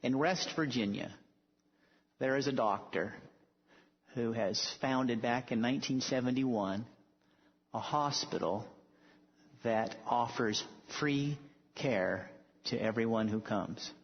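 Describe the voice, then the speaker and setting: A male preacher delivers a sermon in a husky, mid-range voice, taking his time and pausing often as he tells stories emphatically and builds to bold declarations. The recording has the echo of a hall and a dull, lo-fi quality.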